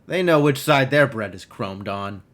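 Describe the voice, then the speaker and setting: A man's voice: medium pitch, animated, normal speed, fairly bright tone, natural voice. A man voicing a boisterous, hungover middle-aged male cyber doctor who is cheerful and wisecracking.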